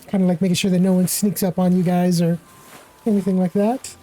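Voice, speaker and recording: A woman narrating as game master of a tabletop game, relaxed and full of casual fillers. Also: lowish voice, a little fast, poor audio. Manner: relaxed, with many fillers like "kinda" and "like".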